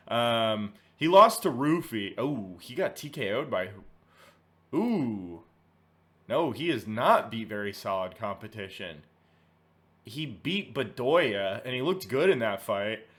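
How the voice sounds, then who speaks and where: A man's voice: mid-range voice, a bit bright. A man hosting casual commentary, swearing freely and thinking aloud as he goes through results and picks. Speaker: host.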